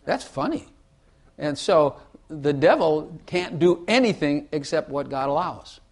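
A man's voice: a little high, lively intonation, a little slow. A man teaching the Bible in casual conversation, emphatic, repeating phrases for effect and playing with inflection to make his points.

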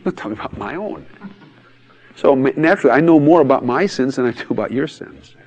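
A man's voice: mid-range voice, expressive, brisk, a little mellow, highs cut off. A man preaching in a blunt, emphatic way, often laughing and acting out quotes in other voices. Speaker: pastor. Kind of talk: sermon-style teaching talk.

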